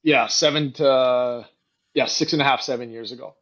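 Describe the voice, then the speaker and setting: A middle-aged man telling stories in a casual podcast interview, animated and quick to act out what others said. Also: mid-range voice, highs cut off. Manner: animated storyteller, acts out quoted voices, frequent "like". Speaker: guest, company co-founder and CEO.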